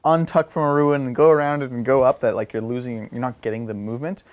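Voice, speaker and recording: Guy cohosting a tabletop gaming podcast, chatty and excitable, yells and laughs when stuff gets funny, average pitch. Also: fast. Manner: excitable, bursts into laughing exclamations. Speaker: podcast co-host. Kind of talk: casual chat answering questions.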